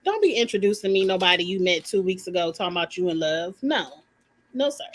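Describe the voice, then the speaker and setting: A woman's voice: on the low side, big pitch swings, fast. A woman giving her blunt, opinionated take on a reality show in casual live commentary. She uses slang, swears, and talks straight to her viewers.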